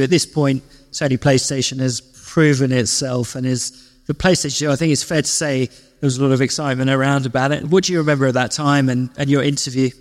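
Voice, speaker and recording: Male podcast host, measured questioner, live stage with long hall reverb. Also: medium pitch. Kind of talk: interview questions.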